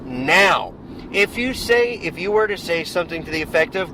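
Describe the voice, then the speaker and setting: A man co-hosts a podcast from inside a car on the road, chatting casually and emphatically as he rambles through his opinions. His voice is high-pitched with lively intonation and normal speed. The audio is poor, with loud road noise.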